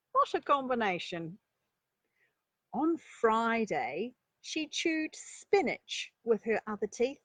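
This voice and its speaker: A woman reading a children's story aloud, breaking off for chatty asides and rhetorical questions to her listeners, with a breathy voice. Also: high-pitched, dry recording. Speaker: storyteller and life coach.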